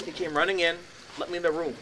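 A man with a fairly high voice tells a first-person story to a live audience. He acts out the scenes and breaks into sudden loud bursts. The recording is noisy, with crickets chirping in the background. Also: flat delivery, quick pace. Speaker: speaker at a haunted-house talk.

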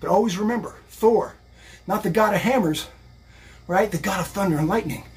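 Husky higher-voiced man, upbeat motivational streamer, rambling tarot talk between lifts. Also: a little fast, a little mellow. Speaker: psychic and fitness streamer. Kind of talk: casual live-stream talk.

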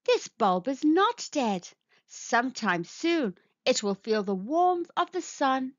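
A patient, loving mother mole in a storybook, as a woman reader puts her on, speaking softly and unhurriedly and sometimes dropping to a whisper. Her voice sits high and is lively, and the sound is dull and lo-fi. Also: dry recording, exaggerated voice. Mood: gentle. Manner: soft, slow and soothing, sometimes whispered.

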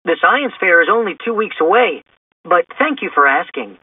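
A brainy teenage girl, voiced by a man reading a storybook, explains things in a precise way with a lively, rising pitch. The sound is husky and far from the mic, thin like a phone call. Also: normal speed, no room sound, full character voice. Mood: explaining. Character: brainy teen girl who explains science. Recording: distant, tinny phone-like sound.

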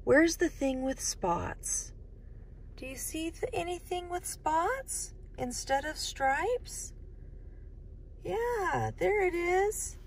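A woman's voice: very high-pitched, animated, very slow, gravelly, slight background noise. A woman hosting a children's storytime, asking young viewers questions as she points out things on each page and sometimes drops to a whisper. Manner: sing-song questions to kids, drops to whispers. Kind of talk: reading a picture book to young children.

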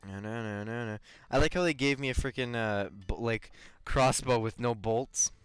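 A young man hosting a casual let's-play, excitable and swearing freely as he reacts to the game. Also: medium pitch, normal speed, clear, resonant tone, dry recording, faint music behind. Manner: excitable, swearing, laughing, reads game text aloud. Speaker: gaming channel host.

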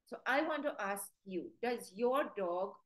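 A woman's voice: medium pitch, lively intonation, measured pace, rough recording. A woman giving a live webinar lesson as a dog trainer, chatty and quizzing her viewers. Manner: chatty, asks the audience direct questions; acts out stern and sweet commands to dogs.

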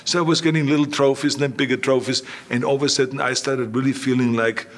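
A man's voice: mid-range voice, fast, few pauses. Older guy from austria, interview guest telling stories, does the voices of people he quotes. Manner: animated anecdotes, acts out quoted voices. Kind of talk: storytelling in a relaxed interview.

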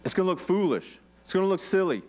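A man's voice: sits high, sing-song, fast, a little mellow. A man preaching a casual sermon, chatty and joking, with rhetorical questions and many "like"s. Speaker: pastor.

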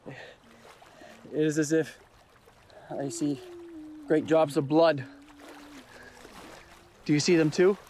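A man acting a frightened shipwrecked gentleman, pleading anxiously and theatrically in an outdoor stage performance. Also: a little high, fairly even intonation, slow pace, long pauses, a little hiss or hum. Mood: desperate. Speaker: actor playing the gentleman. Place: outdoor marina platform.

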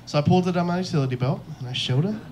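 A man's voice: sits high, very fast, background noise. Young man telling self-mocking stand-up stories. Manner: self-deprecating storytelling, acts out quotes. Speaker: stand-up comedian. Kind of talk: stand-up comedy set. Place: comedy club stage.

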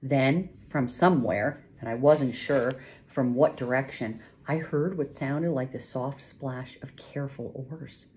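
A woman reading a novel aloud in first person, with measured, hushed suspense. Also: very deep voice, a little hiss or hum. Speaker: audiobook narrator. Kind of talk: scripted first-person narration.

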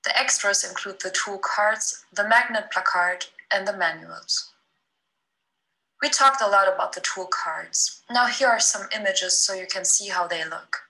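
A woman, a design student, reads a scripted presentation in a steady, explanatory way. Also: medium pitch, a little slow, creaky, rough recording.

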